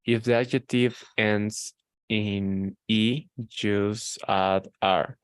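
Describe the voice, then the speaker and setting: Very slow, hesitant student reading aloud. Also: mid-range voice, steady tone, clean tone, dry recording. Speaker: English student.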